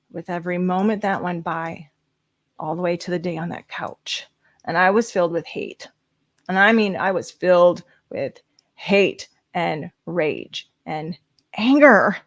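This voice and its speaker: A woman motivational speaker gives a deeply personal testimony from a conference stage. Her mid-pitched voice sounds dry and close. She moves between soft, hushed passages and loud, impassioned ones. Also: dry recording. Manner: dramatic, swings from hushed whispers to raised voice. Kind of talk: emotional personal testimony speech.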